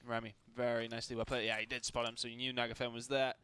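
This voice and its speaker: A man giving quick analytical color commentary for an esports match. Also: mid-range voice, monotone, background noise.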